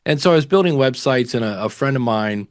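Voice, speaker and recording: Middle-aged male guest: animated storyteller, dry close sound, middling pitch. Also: quick pace, no room sound. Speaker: podcast guest, podcasting teacher. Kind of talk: casual interview chat.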